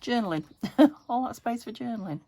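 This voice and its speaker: A woman's voice: a little high, animated, moderate pace, warm tone, a little hiss or hum. A British woman chatting casually in a crafting vlog, rambling and murmuring to herself as she works. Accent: British English. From United Kingdom. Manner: rambling, chatty, drifts into murmurs while working. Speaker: junk journal crafter.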